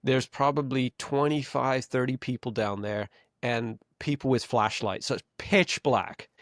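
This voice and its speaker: A man's voice: mid-range voice, fairly even intonation, unhurried, dry recording, studio quality. A man hosting a podcast, telling a long road-trip story in a rambling, self-correcting way. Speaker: podcast host. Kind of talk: casual chat.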